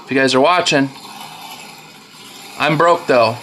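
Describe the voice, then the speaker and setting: A man's voice: mid-range voice, a little slow, a bit bright. A man in his thirties ranting to camera as a street racing vlogger, mocking and trash-talking with lots of swearing.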